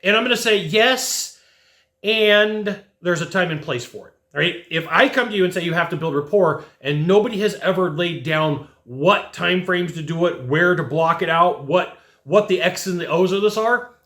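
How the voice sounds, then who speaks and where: Animated male sales coach, echoey room. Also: a little high. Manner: animated, acts out quick mock dialogues. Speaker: sales trainer. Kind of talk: direct-to-camera sales coaching.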